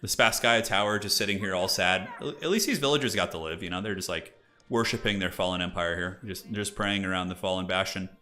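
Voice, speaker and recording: A man casually commentating a strategy game on his live stream, rambling and animated with lots of "like" fillers. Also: low voice, a little fast, faint music behind.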